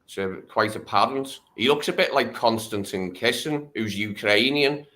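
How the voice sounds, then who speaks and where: A man's voice: fairly low pitch, normal speed, bright, forceful tone. A man hosting a casual livestream chat, rambling and mocking, talking over a remote call. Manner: rambling, mocking impressions of others. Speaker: host.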